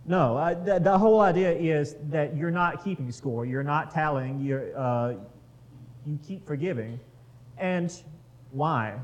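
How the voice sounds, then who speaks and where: A man's voice: a little high, lively intonation, a little slow, lo-fi sound. A man leading a casual Bible study, talking with the group, putting questions to them and reading scripture aloud.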